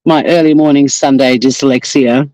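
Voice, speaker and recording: A man's voice: mid-range voice, fairly even intonation, normal speed, a little mellow, no room sound, low-quality recording. A man with an Australian accent, from Tasmania, hosting a casual live stream outdoors on the coast, profane and joking as he chats. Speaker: livestream host.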